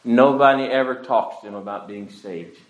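Male pastor, mid pitch, pleading sermon delivery, roomy church echo. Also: normal speed, a little hiss or hum. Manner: earnest, pleading preaching with wide swings in loudness.

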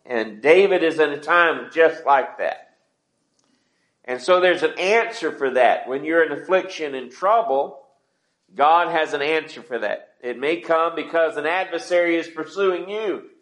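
A pastor preaches in a church sanctuary, keeping the sermon conversational and putting questions to the congregation. His voice is a little high and fairly bright, and he speaks unhurriedly; the hall echoes.

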